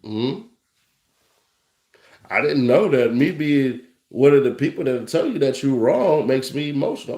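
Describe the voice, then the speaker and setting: A young adult commentary host rants to camera, brash and profane, laughing often in mockery. His mid-range, darkish voice is animated yet measured in pace, and the room is echoey.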